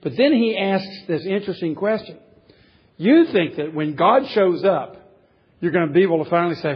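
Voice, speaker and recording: A man's voice: sits high, lively intonation, normal speed, slightly rough, muffled recording. A man preaching a sermon as a pastor, reading scripture aloud and then explaining it with childhood stories.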